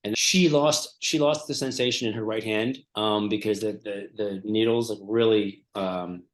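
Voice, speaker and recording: A man's voice: on the low side, steady tone, moderate pace. A man co-hosting a comedy podcast, rambling through invented stories with many fillers and restarts. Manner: rambling, lots of fillers, builds absurd details. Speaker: comedian co-host. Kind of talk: improvised comedy chat.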